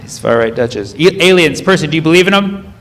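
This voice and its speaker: A man's voice: fairly high pitch, expressive, a little fast, a bit bright, a little hiss or hum. A man doing live stand-up crowd work on stage, quizzing the audience and correcting himself mid-sentence. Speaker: stand-up comedian. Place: comedy club stage. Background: audience laughter and room murmur.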